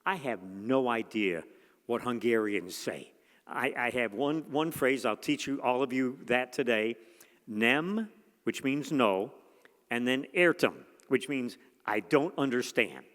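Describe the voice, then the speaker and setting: A man in a museum lecture hall talks an audience through an exhibit, eager and exclamatory, often stumbling and restarting. His medium-pitched voice carries a long reverb from the big room. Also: a little slow. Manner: enthusiastic, exclamatory, with many fillers and restarts. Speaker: museum director giving a gallery talk.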